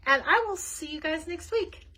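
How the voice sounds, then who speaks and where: A woman's voice: very high-pitched, animated, normal speed, background noise. A woman librarian reading a children's book aloud and chatting with young listeners, friendly with casual fillers.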